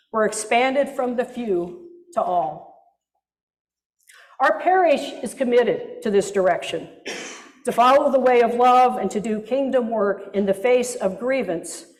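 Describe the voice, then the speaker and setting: Woman pastor, sermon; higher voice, very slow and deliberate, reflective with wry asides; echoing church hall. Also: a little mellow.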